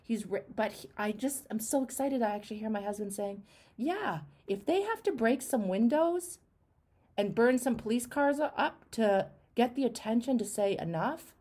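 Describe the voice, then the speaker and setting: A woman hosting an interview, speaking with impassioned, repetitive emphasis that swings between loud outbursts and hushed words. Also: on the high side, expressive, moderate pace. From Canada. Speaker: host. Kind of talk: emotional interview conversation.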